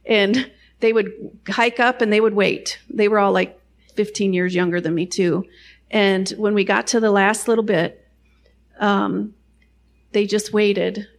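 A middle-aged woman sharing a personal faith testimony in a chatty, self-deprecating way, full of "you know" asides. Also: medium pitch.

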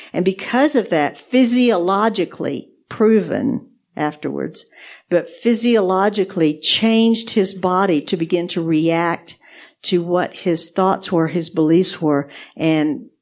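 A woman's voice: fairly low pitch, measured pace, darkish tone. A woman co-hosting a podcast, sharing faith testimonies in casual chat, earnest and repeating words for emphasis. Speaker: podcast co-host.

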